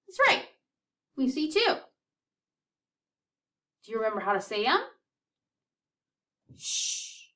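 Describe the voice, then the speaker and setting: A woman's voice: high-pitched, fairly bright tone, recorded from a distance. A woman teaching a children's music lesson, counting beats aloud in an upbeat, encouraging way.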